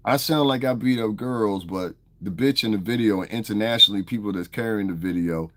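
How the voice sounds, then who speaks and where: Low-ish and brisk, the man barely pauses as he addresses his livestream chat. It's a profane, combative harangue directed right at his viewers.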